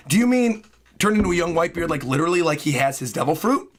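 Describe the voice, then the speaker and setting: A man streaming live in casual chat, hoarse with a worn-out voice, excitable and prone to bursts of loud hyped yelling. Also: a little high, fast. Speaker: streamer reacting to a comic chapter.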